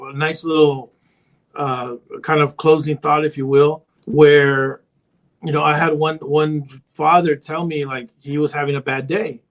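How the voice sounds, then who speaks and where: Guy therapist rambling on a podcast, kinda high voice, lots of "you know". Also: fairly bright tone. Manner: rambling storyteller, heavy on filler phrases. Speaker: therapist and parent coach. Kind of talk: casual podcast conversation.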